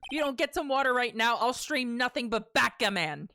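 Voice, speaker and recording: A woman's voice: a little high, a little fast, dry recording, studio quality. A young woman streaming a game, chatting casually and joking with chat, often swearing. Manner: animated, profane, joking with chat. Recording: game music in background. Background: game music.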